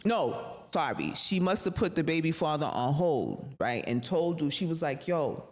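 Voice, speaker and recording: A woman's voice: deep voice, moderate pace. A woman guest on a podcast telling a personal story in a casual, slangy and profane way, acting out the voices of the people in it. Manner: animated, acts out quoted voices, slangy and profane. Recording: reverberant room with faint noise.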